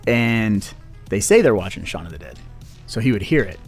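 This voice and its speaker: A man's voice: lowish voice, big pitch swings, moderate pace, faint music behind. A man co-hosting a film podcast, giving blunt, offhand opinions in a casual chat. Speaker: podcast co-host.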